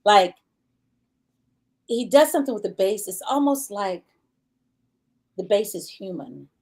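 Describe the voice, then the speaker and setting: A woman hosts a relaxed music interview show. Her chat rambles and is full of fillers, delivered in a middling voice that is neither high nor low. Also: unhurried. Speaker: show host.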